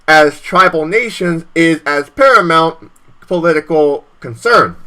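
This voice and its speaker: Young guy streaming, cusses a lot, says stuff twice, bright forceful voice. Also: sits high, low-quality recording. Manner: profane, repeats himself, stumbles over words. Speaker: stream host. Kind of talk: heated political rant and reading aloud.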